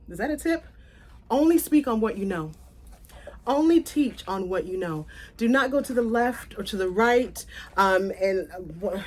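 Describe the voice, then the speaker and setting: A woman raised in South Florida, talking casually to her viewers in a vlog, animated and chatty, laughing and correcting herself as she goes. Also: mid-range voice. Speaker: content creator.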